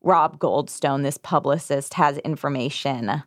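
Sarcastic woman podcast host, low voice. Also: measured pace, no room sound, studio quality. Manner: sarcastic, lots of "like". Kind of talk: casual comedic chat.

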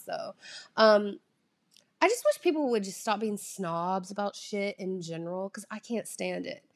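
Profane ranting woman with a Southern drawl. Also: a little high. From Southern United States. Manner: profane, ranting, laughs often. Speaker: vlogger. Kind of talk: casual chat.

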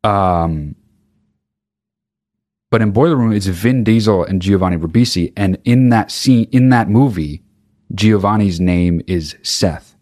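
A man's voice: fairly low pitch, unhurried, darkish tone. A man hosting a podcast, ranting in a profane, sarcastic, rambling comedic way. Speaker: podcast host. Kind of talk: comedic rant.

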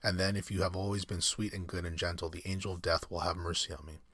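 A weary, sorrowful old ghost speaks slowly from the bottom of his range, as a man reading a storybook puts him on. The voice stays low and mournful, and it is close and dry, with no room sound. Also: level tone, fairly bright tone, dry recording. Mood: solemn. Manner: slow, low and sad.

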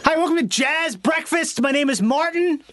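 Man playing a male server, perky, sing-song, very high, dry. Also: moderate pace, a bit bright, dry recording. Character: chirpy male restaurant server.

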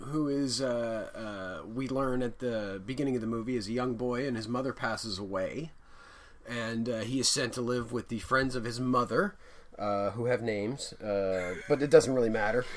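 A man's voice: mid-range voice, normal speed. A man co-hosting a podcast, retelling a film plot in a rambling, joking way with many fillers. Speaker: podcast co-host. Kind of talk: casual movie discussion.

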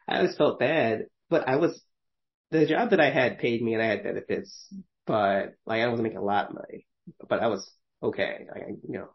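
Rambling, laughing podcast host with gravelly voice. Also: male voice, medium pitch, dull audio. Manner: rambling, laughing often, many fillers and restarts. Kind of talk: casual conversational storytelling.

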